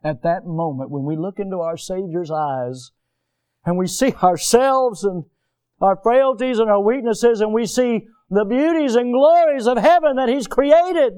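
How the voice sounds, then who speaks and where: A man preaches a sermon in a fairly high voice. He tells stories with lively animation and slips into other characters' voices as he goes. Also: unhurried, clear, resonant tone. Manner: animated storytelling, acts out voices.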